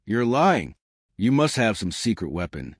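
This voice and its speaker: A man's voice: on the low side, very animated, a little slow, slightly rough, dry recording, studio quality, exaggerated voice. A man voicing a pompous defeated alien commander. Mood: indignant. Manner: indignant, blustering.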